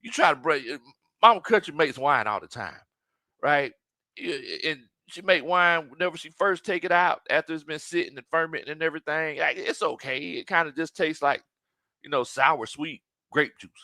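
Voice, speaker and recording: A man hosts a live football stream, rambling and repeating himself as he reads out viewer comments. His voice is bright and forward, a little stuffy from a sinus infection, and the sound is dry and close. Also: fairly high pitch, dry recording. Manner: rambling, repeats words, reads chat aloud. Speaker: sports live stream host.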